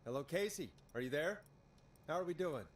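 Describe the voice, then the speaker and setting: An actor voicing a late-night radio DJ who stays calm and reassuring while handling callers. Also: male voice, on the high side, brisk, background noise, natural voice.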